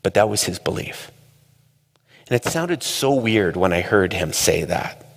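Man, low voice, husky, storytelling talk, long hall reverb. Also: measured pace. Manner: conversational, animated storytelling. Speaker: speaker.

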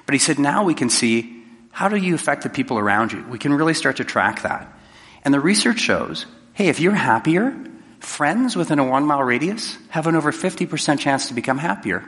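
A man's voice: on the high side, sing-song, fairly quick, fairly bright tone, in a large hall. A man giving a conversational, jokey talk to a live audience, acting out quoted exchanges. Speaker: public speaker.

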